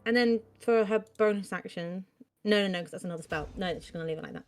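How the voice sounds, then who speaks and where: A woman's voice: medium pitch, fast talker, soft background music. A woman playing a tabletop game, thinking aloud about her turn and giggling often. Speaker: player.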